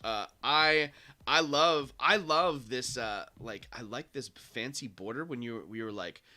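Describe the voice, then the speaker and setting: A man chatting on a livestream from a home studio, laughing often and talking excitably with many restarts. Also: medium pitch, unhurried. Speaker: guest co-host. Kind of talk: casual livestream chat. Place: home studio in a bedroom corner.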